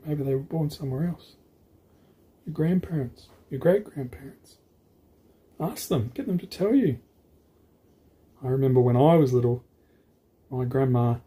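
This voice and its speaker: A man's voice: medium pitch, warm tone, slightly rough. A man reading a children's picture book aloud, stopping to explain the pictures and ask the listener questions. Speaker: storybook reader for children.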